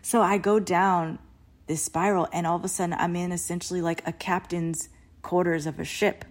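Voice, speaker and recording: A woman's voice: lowish voice, level tone, normal speed. A woman host casually recounting a long dream, rambling with many fillers and restarts and swearing freely. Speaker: podcast host. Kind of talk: casual storytelling monologue.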